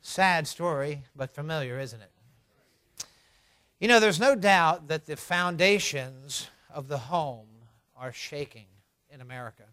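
A man preaching a sermon as pastor, telling a story in a measured, earnest way. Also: on the high side, sharp tone, dry recording.

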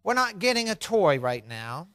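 A man voicing a young father who calmly coaxes, then firmly insists. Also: high voice, normal speed, dry recording, clean studio sound. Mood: coaxing. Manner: calm, coaxing, firm. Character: patient young father in a store.

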